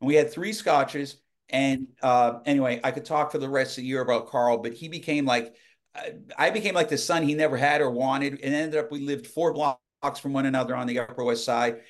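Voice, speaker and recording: A man guest on a podcast, telling lively anecdotes in casual conversation, often restarting his sentences. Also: medium pitch, fairly quick. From United States. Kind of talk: casual storytelling.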